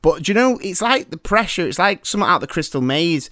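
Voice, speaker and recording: Animated dad telling stories. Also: male voice, high voice, fast, dry recording, clean studio sound. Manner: animated storyteller. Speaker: podcast host. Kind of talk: casual chat. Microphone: remote call.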